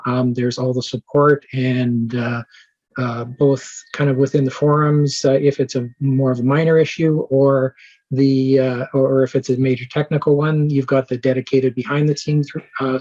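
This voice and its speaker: Male interviewee, casual and halting, lots of ums, slightly dull audio. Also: medium pitch, darkish tone. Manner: hesitant, many fillers and restarts. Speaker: interviewed program member.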